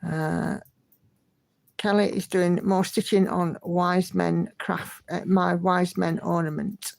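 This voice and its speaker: Woman, livestream host, chatty and friendly, gravelly voice, dry close sound. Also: lowish voice, fairly even intonation, slow, no echo. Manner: chatty, friendly, greets viewers by name. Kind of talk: casual livestream chat, reading viewer comments.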